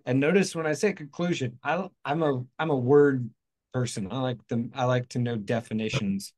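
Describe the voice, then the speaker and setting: A man's voice: mid-range voice, moderate pace, darkish tone. A man hosting a spiritual talk show, talking casually in a rambling, playful way, correcting himself as he goes. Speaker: host. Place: outdoors in hot weather.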